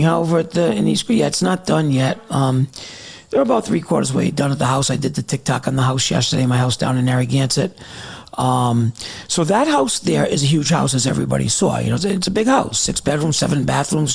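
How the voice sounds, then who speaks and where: A man's voice: medium pitch, vocal fry, slightly rough. A middle-aged man, chatting casually on a live stream, rambling between stories and answering viewers by name. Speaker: TikTok live host. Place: at home in the evening.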